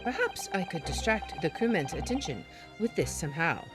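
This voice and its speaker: A woman voices an earnest, polite young Japanese male professor from a detective video game. He speaks courteously, with plenty of pitch movement. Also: big pitch swings, moderate pace, over loud music.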